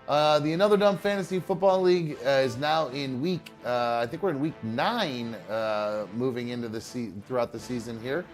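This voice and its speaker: A man's voice: mid-range voice, normal speed, few pauses, soft background music. A man hosting a live podcast, talking in a loose, joking, profane way with lots of fillers. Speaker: podcast host. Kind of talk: casual live show chat.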